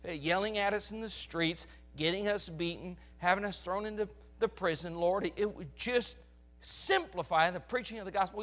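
A man in his forties preaching with a crackly, strained voice that sits high and bright. He delivers an animated sermon, pushing to loud emphasis as he drives his points home. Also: normal speed. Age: 40s. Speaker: pastor.

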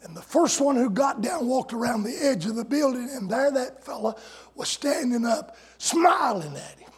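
Preacher guy, real husky voice, high, folksy and sarcastic, hollers now and then. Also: expressive, moderate pace. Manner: folksy, sarcastic, shouting climaxes. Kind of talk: sermon.

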